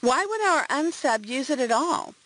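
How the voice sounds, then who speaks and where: Blunt female homicide detective, pressing questions; woman reader, slightly raised pitch. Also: expressive, moderate pace, a bit bright, rough recording. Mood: probing.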